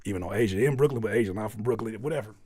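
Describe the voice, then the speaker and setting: A man's voice: fairly low pitch, rapid-fire, darkish tone, husky, dry recording. A man hosting a live music feedback stream, giving frank, profane advice and playing up joking mock outrage at the chat. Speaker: host reviewing music live.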